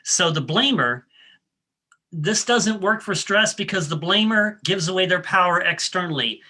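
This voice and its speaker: A man presents a workshop and coaches his audience through breathing exercises. His voice sits a bit high and has a sharp, bright edge. He speaks in a friendly way, with ums and restarts. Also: lively intonation, unhurried. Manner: coaching, leads the audience step by step. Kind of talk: guided breathing exercise and talk.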